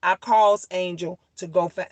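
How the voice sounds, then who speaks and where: A woman in her thirties telling a family story as a profane, animated rant, repeating lines for emphasis. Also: fairly low pitch, unhurried, dry recording.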